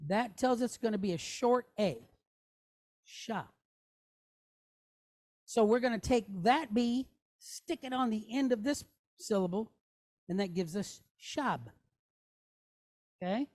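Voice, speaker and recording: In a classroom lesson, a woman teaches Hebrew, explaining patiently and slowly sounding out letters and syllables. She often checks in with her students with "okay?" and "right?", and her voice is fairly high with a darkish tone.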